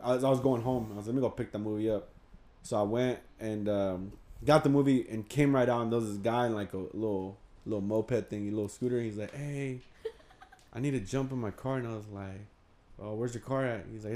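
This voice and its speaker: A man's voice: fairly low pitch, fairly quick, dark tone. A young man, telling a long story in a casual chat with friends, rambling, swearing and acting out what people said. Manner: rambling, swears often, acts out quotes.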